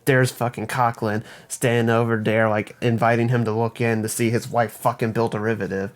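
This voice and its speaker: A young man retelling a film's twists in a loose, casual flow, swearing constantly as he goes. He is a podcast co-host, and his voice sits at a middle pitch for a man. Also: flat delivery, fairly quick. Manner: profane, rambling plot retelling with mock voices for characters. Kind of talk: casual film recap.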